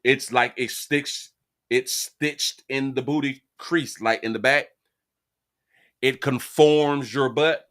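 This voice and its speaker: A man hosting a live stream, ranting animatedly with frequent laughs, repeated words and loud high outbursts. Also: fairly even intonation, slow pace. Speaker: live-stream show host. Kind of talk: live-stream commentary rant.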